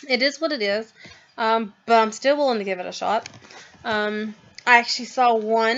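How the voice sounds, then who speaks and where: A vlogger in her thirties chats casually to her camera at home in a house, rambling with plenty of ums and trailing asides. Her voice is mid-range with a fairly bright tone, though the audio sounds dull.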